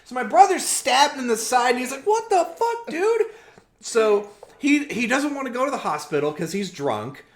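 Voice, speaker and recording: A man's voice: extremely high pitch, moderate pace, gravelly. A man co-hosting a podcast, telling a story in casual chat, swearing and acting out the people he quotes. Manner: animated, acts out quoted people, swears often. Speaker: podcast co-host. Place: room, recorded in person.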